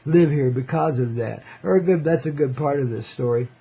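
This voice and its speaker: An older man rambles through his own radio show in a laid-back hippie drawl, his mid-range voice gravelly, husky and mellow, moving fairly quickly. He says "man" every few lines and keeps breaking into chuckles in this casual monologue.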